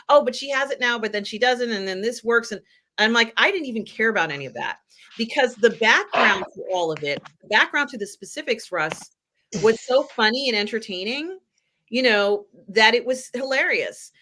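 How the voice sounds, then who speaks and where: A woman's voice: medium pitch, pushed and bright. A woman hosting a live pop culture chat show, talking in a rambling, chatty way with many fillers. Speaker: host.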